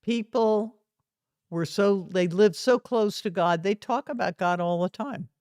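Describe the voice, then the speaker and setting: A woman's voice: mid-range voice, measured pace, darkish tone, clean tone, no room sound. A woman guest, a retired reverend, telling personal stories earnestly with small chuckles. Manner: earnest, chuckles through anecdotes. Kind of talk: storytelling in conversation.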